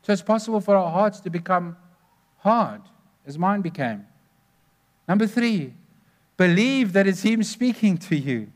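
Male preacher, slightly high voice, earnest storytelling. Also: lively intonation, a little slow, pauses often. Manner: earnest storytelling, stressing numbered points. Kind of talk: sermon.

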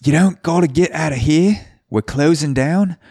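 A loud, barking bartender with a rough Australian accent, as a man puts him on for a story. He shouts his house rules way up high. The room sound is dry and close. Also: normal speed, dry recording. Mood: rowdy. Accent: bad put-on Australian. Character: rowdy male bartender laying down rules.

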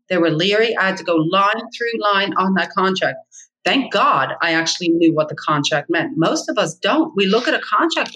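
A woman with a bright, forceful voice talks bluntly about her trade, hammering her points home by repeating them. She speaks as an experienced agent and mentor in a podcast interview. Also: mid-range voice, poor audio. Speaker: real estate agent and mentor.

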